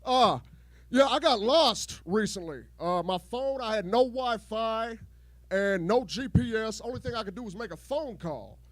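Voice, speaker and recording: A man with an unusually high voice doing a crude, rambling stand-up set in a garage show. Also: lively intonation, measured pace, dry recording. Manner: crude, rambling jokes with repeated false starts. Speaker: stand-up comedian. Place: home garage show before a live crowd.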